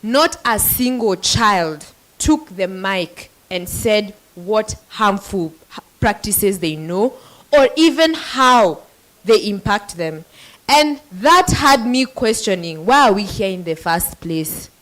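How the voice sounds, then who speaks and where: Teen girl from Kenya, child representative moderating a panel, earnest and emotional, unhurried delivery. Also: mid-range voice, low-quality recording. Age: teenager. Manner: earnest, emotional, addressing the audience directly. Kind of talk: speech to a conference audience.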